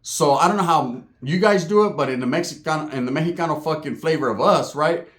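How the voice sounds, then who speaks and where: A man's voice: a little high, a little fast, a bit bright, roomy sound. A man from Southern California telling a long, profane, rambling story on stage, often tagging his lines with "right?". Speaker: stand-up comedian. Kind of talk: stand-up storytelling.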